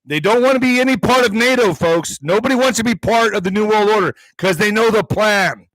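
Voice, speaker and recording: A man's voice: sits high, a little fast, a bit bright, no room sound. A man hosting a political commentary stream, reading headlines aloud and breaking into heated, profane, sarcastic asides. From Mexican heritage.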